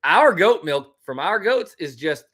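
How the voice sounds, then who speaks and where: A man's voice: on the high side, sing-song, a little slow, fairly bright tone. A man in his thirties co-hosting a casual live chat, easygoing and rambling with plenty of fillers. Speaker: livestream co-host.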